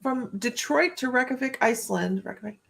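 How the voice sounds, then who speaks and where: A woman's voice: on the high side, fairly quick, creaky. A woman hosting a casual live stream who rambles, laughs often and greets viewers by name as she reads their comments. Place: home, indoors.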